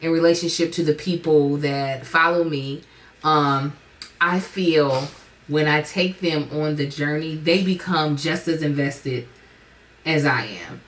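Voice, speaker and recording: A woman's voice: deep voice, steady tone, measured pace, fairly bright tone. A woman content creator hosting a podcast in casual chat, chatty and playful.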